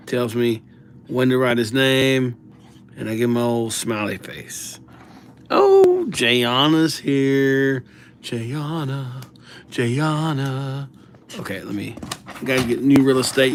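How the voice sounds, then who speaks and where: Over slight background noise, a man with a mid-range voice runs a casual calligraphy stream. He reads out viewers' names and cracks jokes, talking slowly and mumbling, drifting away from the mic as he works on his writing.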